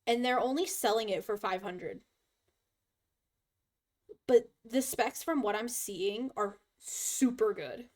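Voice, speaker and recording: Slow-talking giggly young woman streamer. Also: a little high, darkish tone. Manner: chatty, giggly, rambling with frequent laughs. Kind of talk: casual live-stream chat while drawing.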